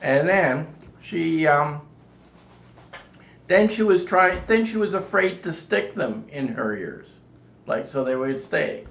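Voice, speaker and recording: Gravelly man in an echoey room. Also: a little high, expressive, slow, fairly bright tone. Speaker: co-host of a live quilting show. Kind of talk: casual live-stream chat.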